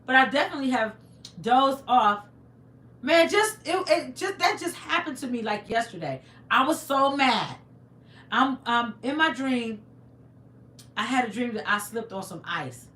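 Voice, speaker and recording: A woman on a live stream, spinning a dramatic story with lots of swings in pitch and a bright voice. She acts out screams and sound effects and stops to answer her chat. The room around her sounds echoey. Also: measured pace. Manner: animated, dramatic, reads viewer comments aloud. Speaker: livestream host.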